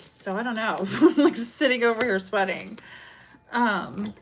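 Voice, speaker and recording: A woman's voice: on the high side, lively intonation, measured pace. A woman giving a chatty, rambling live tarot reading, often breaking into giggles, recorded at home. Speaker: tarot reader. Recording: noisy home stream with card shuffling.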